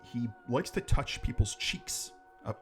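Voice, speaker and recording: This podcast co-host tells ghost stories in a casual, rambling chat, joking, swearing, and laughing at his own jokes. He has a high voice with huge swings in pitch and an unhurried pace. Soft music plays in the background.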